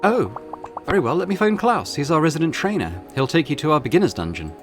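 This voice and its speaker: A man's voice: very animated, fast talker, soft background music, close to an everyday voice. A man voicing a cheerful female innkeeper in a game, with a wobbly mock German accent. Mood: polite. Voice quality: high falsetto-like, wobbly accent attempt. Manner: polite, fussy hostess lines.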